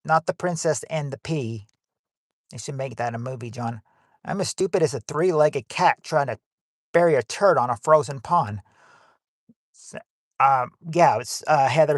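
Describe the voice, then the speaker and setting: A man's voice: medium pitch, moderate pace, no room sound. Dry-sounding man hosting a joking livestream game. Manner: joking, rambling, crude wisecracks. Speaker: game show host.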